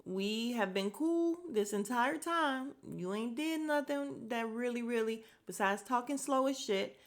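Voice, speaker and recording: Blunt, animated woman recapping a show. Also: fairly high pitch, a little slow. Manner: animated, blunt, laughing asides. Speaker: podcast host. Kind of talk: casual recap chat.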